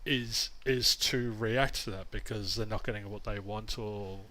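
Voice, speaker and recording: A man's voice: on the low side, steady tone, a little slow, crowd noise. A man co-hosting a casual podcast chat, blunt and swearing casually. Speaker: podcast co-host.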